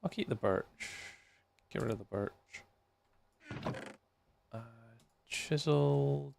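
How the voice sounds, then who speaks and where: A man's voice: lowish voice, big pitch swings, slow, gravelly, noisy background. A man chatting casually with viewers on a live game stream, tired and yawning as he reacts to messages while he plays.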